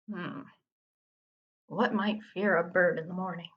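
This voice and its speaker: A woman teacher giving a video lesson, patiently explaining and reading short poems slowly and expressively. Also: on the low side, fairly even intonation, a bit bright, husky, lo-fi sound. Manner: patient, encouraging, reads poem lines slowly and expressively. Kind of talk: reading picture book aloud in a video lesson.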